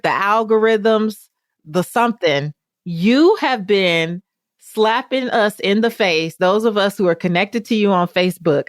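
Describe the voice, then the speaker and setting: A woman's voice: medium pitch, dry recording, studio quality. A woman hosting a podcast, talking with effusive, rambling enthusiasm. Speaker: podcast host. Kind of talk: podcast intro and interview chat.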